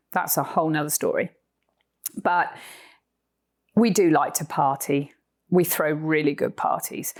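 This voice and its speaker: A woman from Cornwall with a Cornish English accent, co-hosting a casual podcast chat and telling stories with frequent laughs. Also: low voice. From Cornwall, England. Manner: chatty storyteller, laughs often. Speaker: podcast co-host. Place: sofa in a rented house.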